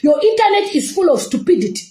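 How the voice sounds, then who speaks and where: A woman's voice: extremely high pitch, very animated, quick pace, mellow, roomy sound, low-quality recording. A woman from Zambia, giving an impassioned, scolding reaction rant full of rhetorical questions. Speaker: online commentator.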